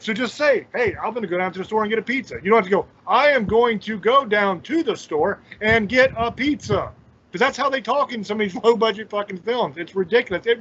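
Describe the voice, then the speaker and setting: A man's voice: high voice, a bit bright, husky. A man hosting a casual chat, talking bluntly and emphatically with plenty of swearing. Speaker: podcast host. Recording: dull lo-fi audio.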